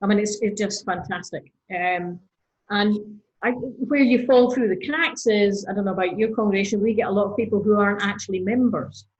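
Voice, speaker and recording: A Scottish-accented woman, a church minister appearing as a podcast guest, chats casually with lots of fillers and laughs. Her medium-pitched voice is brisk, and the audio sounds dull.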